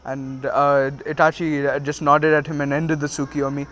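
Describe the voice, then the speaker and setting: A man casually retelling a fan story. His fairly high voice halts often on fillers as he goes. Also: level tone, fairly bright tone, a little hiss or hum. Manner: halting, many fillers.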